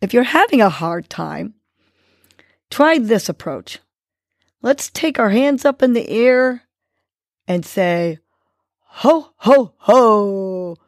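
A woman leads a guided breathing exercise on her podcast in a slow, gentle, encouraging way. Her voice has a gravelly, creaky edge. The sound is close and dry. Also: on the high side, very animated, dry recording. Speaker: podcast host.

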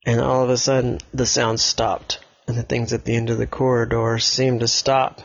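A man improvising a bedtime story, telling it in a hesitant, halting way with many restarts. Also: mid-range voice, little pitch movement, vocal fry, dull audio.

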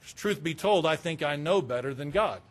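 High-voiced male preacher, candid and conversational. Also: animated, normal speed. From Southern United States. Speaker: pastor. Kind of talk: sermon.

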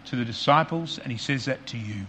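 Earnest preacher, bright voice. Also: male voice, mid-range voice, brisk, a little hiss or hum. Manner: earnest preaching, repeats key questions, drops to quiet emphasis. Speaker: pastor. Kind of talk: sermon.

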